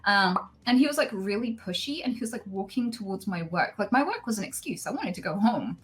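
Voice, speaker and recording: A woman in her thirties telling a story in casual chat, animated and acting out the other voices. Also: mid-range voice, a little fast. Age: 30s. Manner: animated, acts out voices in quotes.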